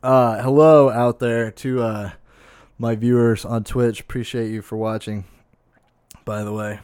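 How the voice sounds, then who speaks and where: A man's voice: medium pitch, steady tone, unhurried, a little mellow, clear, resonant tone, dry recording. Profane ranting young man, dry close mic. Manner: profane, exasperated ranting with constant fillers. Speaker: streamer. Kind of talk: casual ranting monologue. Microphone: close desk mic.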